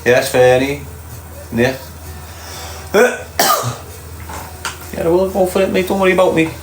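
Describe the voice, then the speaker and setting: A middle-aged Liverpool man, talking bluntly and casually to his livestream viewers. His voice sits a little high for a man. The room echoes around him, with a faint hum of ambience behind. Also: a little fast. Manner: blunt, swearing, chatty with viewers. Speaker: livestream host. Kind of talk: casual live chat reading comments.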